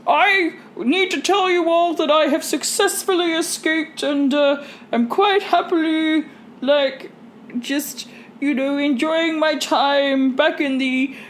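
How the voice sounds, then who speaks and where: A woman's voice: high voice, takes it slowly, a little hiss or hum. A woman voicing a tipsy, weepy female panda who rambles with fillers. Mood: rambling.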